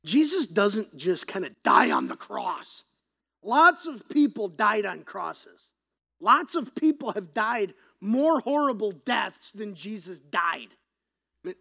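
An impassioned pastor delivers a sermon with a gravelly edge to the voice. The delivery swings from loud, forceful emphasis down to hushed whispers, with a middling pitch.

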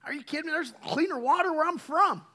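A woman preacher voicing an indignant male general who scoffs at the idea, a little quieter than her narration. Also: high-pitched, fast talker. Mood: scoffing. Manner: scoffing, incredulous.

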